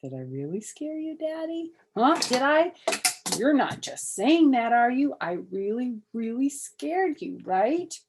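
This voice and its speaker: An older woman voicing a spunky, excitable little girl of about six in a storybook reading. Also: high voice, slight background noise, pitched above the performer's own voice, full character voice. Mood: excited. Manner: eager, chirpy, rapid questions.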